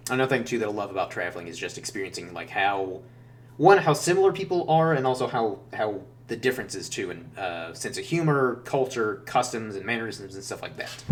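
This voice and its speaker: Low-voiced man rambling about travels. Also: fairly bright tone. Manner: rambling, filler-heavy, frequent self-corrections. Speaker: travel vlogger. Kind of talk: casual chat. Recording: distant mic with faint hum.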